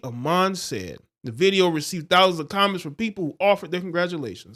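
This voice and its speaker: A man's voice: high voice, animated, fairly quick, few pauses, a bit bright. A male livestream host who reads a news story aloud and breaks off into scornful, insulting, preachy commentary. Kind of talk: reading news and ranting commentary.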